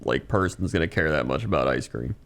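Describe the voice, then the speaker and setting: A man's voice: very deep voice, lively intonation, brisk, vocal fry, fairly bright tone. A man co-hosting a podcast in casual chat, laid-back and reacting to his partner's stories. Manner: laid-back, reacts with laughs and short comments. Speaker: podcast co-host.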